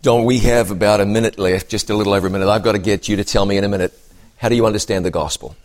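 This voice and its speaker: A man's voice: lowish voice, steady tone, rapid-fire. A man hosting an interview, affirming his guest and often answering with amen. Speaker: interview host. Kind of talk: interview conversation.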